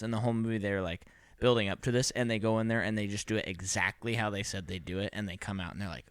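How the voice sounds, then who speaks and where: A man's voice: lowish voice, steady tone, quick pace, few pauses, fairly bright tone, smooth, no room sound, clean studio sound. A man co-hosting a podcast, chatting casually about a movie and animatedly acting out scenes with sound effects and voices. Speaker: podcast co-host.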